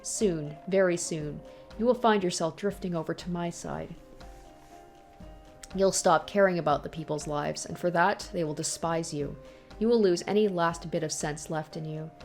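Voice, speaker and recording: A woman's voice: fairly low pitch, a little mellow, faint music behind, lightly acted. A woman reading a visual novel aloud, voicing the taunting ghost of a cruel old tyrant. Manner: sneering, taunting, slow and menacing.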